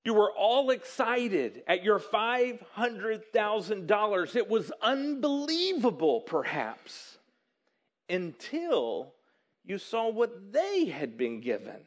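High-voiced animated male preacher. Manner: animated storytelling, acting out characters with excited outbursts. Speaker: pastor. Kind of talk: sermon.

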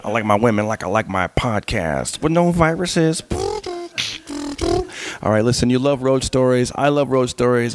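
A man's voice: medium pitch, dry recording. A man doing a goofy, upbeat promo spot for a podcast. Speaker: comedian reading a show promo.

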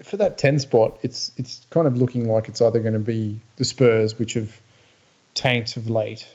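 A man's voice: mid-range voice, steady tone, normal speed, a little mellow. Blunt Australian man, slightly dull audio. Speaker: podcast co-host. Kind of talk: casual sports chat.

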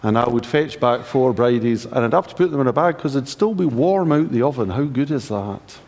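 A man's voice: medium pitch, animated, fairly quick, a little mellow, big-room sound. A man with a Scottish accent preaching a sermon, telling a personal story with dry humor and rhetorical questions. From Scotland.

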